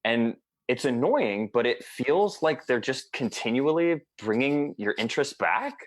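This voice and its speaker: A man's voice: medium pitch, expressive, measured pace. A man chatting casually as a sales coach, peppering his talk with "like" and the odd swear word. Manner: casual, fills speech with "like", swears. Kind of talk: casual podcast chat.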